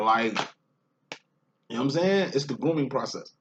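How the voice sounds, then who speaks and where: A man in a casual spiritual monologue, speaking as a twin flame reader. His delivery is profane and loosely rambling, full of street slang, with a voice at an everyday middle pitch. The audio is dull and lo-fi. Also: expressive, moderate pace, pauses often.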